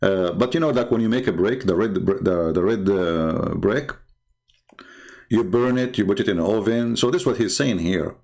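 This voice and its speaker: Gravelly man arguing on a livestream. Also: fairly low pitch, moderate pace, a little mellow. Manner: argumentative, repeats rhetorical questions, frequent filler. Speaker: online show host. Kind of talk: livestream commentary on religious texts.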